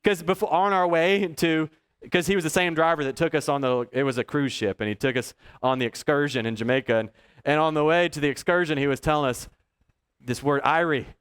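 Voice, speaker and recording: High-voiced laughing preacher. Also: male voice, fairly quick, smooth. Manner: chuckles often, lively storyteller. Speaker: pastor. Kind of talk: sermon with personal stories.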